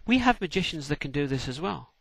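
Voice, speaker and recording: A smug, boastful Egyptian king, put on by a man. His voice sits noticeably higher than ordinary talk and swoops around, and the room sounds dry. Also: very animated, fast talker, vocal fry, fairly bright tone, breathy edge, dry recording, full character voice. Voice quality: exclaiming, mock-impressed.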